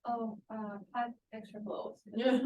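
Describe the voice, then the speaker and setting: A woman in a training class giving short, quiet answers to the trainer. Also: a little high, fairly even intonation, slow pace, slight background noise. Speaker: class participant. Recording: roomy, picked up from afar.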